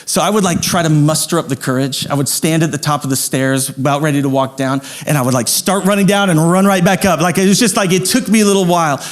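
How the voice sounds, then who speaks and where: A man in his thirties, a pastor from Idaho, telling a personal story in a sermon, lively at first and then dropping to a soft, slow hush. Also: a little high.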